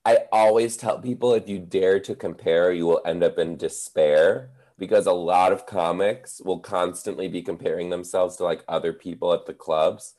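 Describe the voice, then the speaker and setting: A man, a comedian and teacher, chatting as a podcast guest, animated, swearing freely and laughing often. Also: deep voice, normal speed, hardly any pauses. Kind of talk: casual interview chat.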